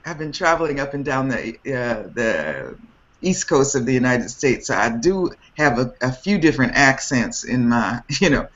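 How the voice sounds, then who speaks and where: A woman hosting a casual group video chat, animated and laughing often, with many restarts. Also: a bass voice, moderate pace, muffled recording. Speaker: host. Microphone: video call.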